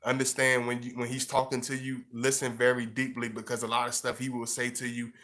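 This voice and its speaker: A man's voice: mid-range voice, monotone, brisk, bright, forceful tone. A man giving casual relationship advice to camera, rambling with lots of fillers and repeats. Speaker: relationship and astrology advice vlogger.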